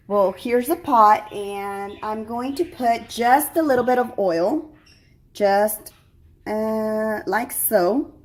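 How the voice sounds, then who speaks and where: A cooking vlogger with a mid-range voice chats through a home cooking tutorial in her kitchen. She rambles, filling gaps and correcting herself, and her eyes are watering from the onions she's cutting.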